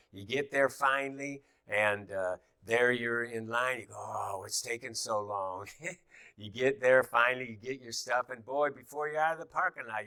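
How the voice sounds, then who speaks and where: A man's voice: medium pitch, fairly bright tone, no echo. A middle-aged man teaching a class in an easy, conversational way, with many fillers and restarts and little acted-out quotes.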